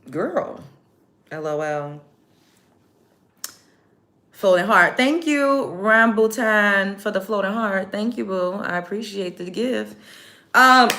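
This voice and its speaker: Her voice is medium in pitch, pushed and bright. She's a livestream host chatting casually from home over her makeup routine, taking on the comments she reads in a brash, confrontational manner.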